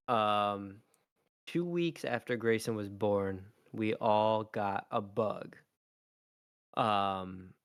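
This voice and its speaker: A father co-hosting a podcast tells a long family story in casual chat, rambling with lots of ums and likes. His fairly low voice has a clear, resonant tone, recorded dry at studio quality.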